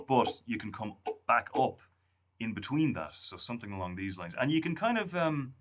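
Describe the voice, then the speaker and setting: A man giving a casual music lesson, counting beats and humming strum rhythms in a relaxed way. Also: fairly low pitch, normal speed, highs cut off, noisy background. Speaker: music tutor. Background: ukulele strumming.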